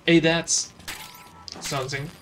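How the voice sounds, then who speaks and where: Man doing sarcastic, profane let's-play commentary with a fairly high voice. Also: flat delivery, slow, fairly bright tone, a little hiss or hum. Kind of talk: gameplay commentary.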